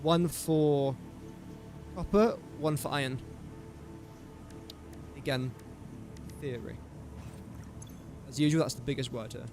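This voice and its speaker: A man's voice: medium pitch, slow, long pauses, over music. Rambling man streaming a game. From England. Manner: rambling self-talk, easily sidetracked. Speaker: gaming streamer. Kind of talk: casual gameplay commentary.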